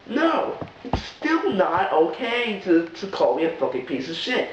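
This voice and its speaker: High, lively man ranting in an echoey room. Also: normal speed, few pauses, a little hiss or hum. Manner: animated, exasperated ranting with mock voices. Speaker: vlog host. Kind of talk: comic rant to camera. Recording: echoey room, distant lo-fi mic.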